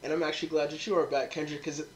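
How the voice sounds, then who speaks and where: A man's voice: fairly high pitch, rapid-fire. Profane young man telling a drunk story. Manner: animated, profane storytelling with quoted dialogue. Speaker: podcast host. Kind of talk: casual storytelling among friends.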